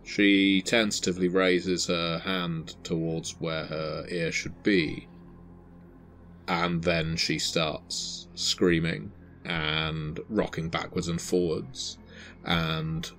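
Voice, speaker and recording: A man running a tabletop horror game as game master. He narrates in a low voice, slowly and deliberately, building atmosphere. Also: level tone, fairly bright tone, faint music behind.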